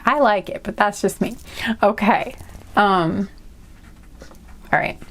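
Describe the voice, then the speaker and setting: At a slow pace and medium pitch, a woman does a casual tarot reading. She's chatty and rambling, often apologizing and making light of herself with laughter.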